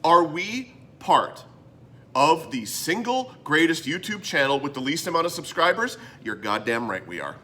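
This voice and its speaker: A man's voice: on the high side, big pitch swings, moderate pace, slight background noise. Sarcastic man hosting a web show. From Canada. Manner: sarcastic, rambling, swings between mutters and loud bursts. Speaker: comedy web show host. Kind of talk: scripted comedic monologue to camera.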